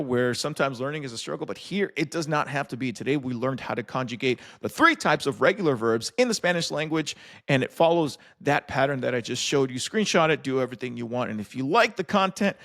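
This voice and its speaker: A man's voice: mid-range voice, a bit bright. A young man hosting a casual Spanish lesson, joking loosely with many fillers and restarts. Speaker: Spanish teacher and host.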